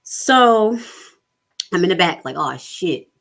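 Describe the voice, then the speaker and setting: A woman's voice: lowish voice, big pitch swings, takes it slowly, fairly bright tone. A middle-aged woman telling a personal story on a casual livestream, swearing freely and acting out the voices of other people.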